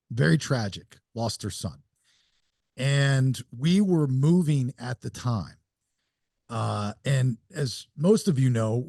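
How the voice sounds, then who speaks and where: A man with a gravelly, rough-edged voice that rises and falls a great deal as he tells a casual story on a podcast. He is halting and rambling and often restarts mid-sentence. The sound is dry and close to the mic. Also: mid-range voice, a little mellow, dry recording. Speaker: podcast co-host.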